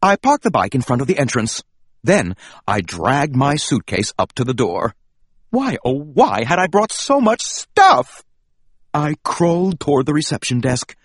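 A man narrating a children's storybook in an expressive, animated read-aloud delivery. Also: fairly high pitch, slightly rough, no room sound, clean studio sound.

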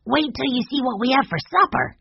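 An eager little boy with a high, bright child voice, exclaiming in a storybook reading, as a reader puts him on. The pitch jumps up and down, and the dull, dry recording sounds muffled and close. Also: lively intonation, fairly quick, vocal fry, slightly rough, dry recording, heavily acted.

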